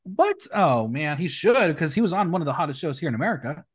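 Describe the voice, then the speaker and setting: A man's voice: fairly high pitch, animated, quick pace, slightly rough. A man hosting a recap podcast, reading a script in a sassy, teasing way and bantering with his guest. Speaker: podcast host.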